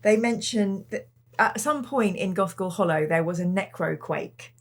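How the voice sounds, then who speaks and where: A woman's voice: mid-range voice, normal speed. A woman hosting a book club podcast, enthusiastic and laughing often in a casual chat.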